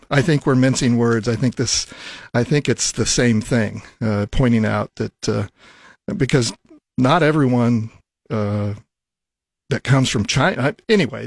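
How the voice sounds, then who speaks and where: Radio host, man, gravelly low voice, halting and full of "uh"s, dry studio sound. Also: no echo. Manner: halting, many fillers and restarts. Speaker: radio talk show host. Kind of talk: casual radio talk. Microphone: studio microphone.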